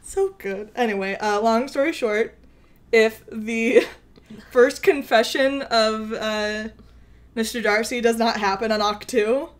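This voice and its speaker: A young woman co-hosting a podcast, chatting casually and excitedly in quick back-and-forth. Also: on the high side. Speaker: podcast co-host. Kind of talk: casual chat.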